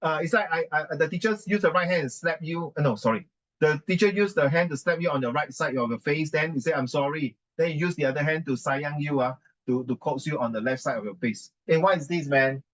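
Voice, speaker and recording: A man with a Singaporean English accent rants with indignant emphasis, repeating his objections. His voice sits somewhat high for a man. The recording is dull and lo-fi. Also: a little fast. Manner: indignant, emphatic, mixes in Mandarin and Singlish. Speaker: adult giving writing advice. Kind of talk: ranting conversation.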